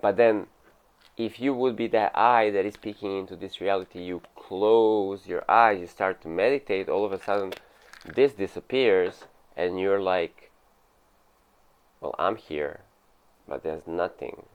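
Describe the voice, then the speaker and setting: A man's voice: sits low, steady tone, moderate pace, clear, resonant tone. A man giving a casual spiritual talk about meditation, rambling loosely with lots of fillers and asides. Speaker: meditation teacher. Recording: narrow phone-like sound.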